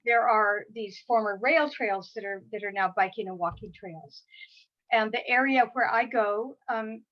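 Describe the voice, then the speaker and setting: A middle-aged woman author telling anecdotes in a relaxed, casual way. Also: medium pitch, a little slow, dull audio.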